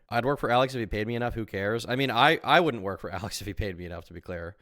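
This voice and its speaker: A man with a fairly low, slightly bright voice speeds through live-stream reaction commentary. He rambles, argues and leans heavily on fillers, and the recording is dry and close with no echo.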